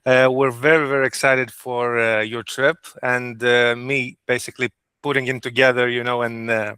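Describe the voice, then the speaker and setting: A trip planner speaking on a video call. His voice is forceful and crisp, recorded dry and close, and his delivery is earnest but full of hesitant fillers. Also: medium pitch, little pitch movement, moderate pace, no room sound.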